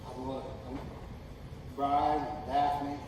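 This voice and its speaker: A man preaching a sermon as pastor, impassioned and sometimes rising to shouts. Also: medium pitch, flat delivery, takes it slowly. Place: church sanctuary. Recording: echoey hall from far off with noise.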